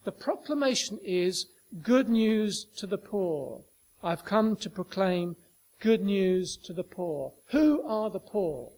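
A man's voice: sits high, very animated, slow, a little mellow. A man preaching a sermon, emphatic and full of rhetorical questions to his listeners.

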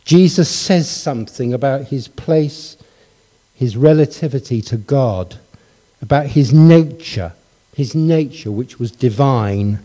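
Middle-aged guy preaching, warm mellow voice, chatty, keeps asking the church questions. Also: medium pitch, slow. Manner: conversational, asks the congregation rhetorical questions. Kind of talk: sermon with personal story.

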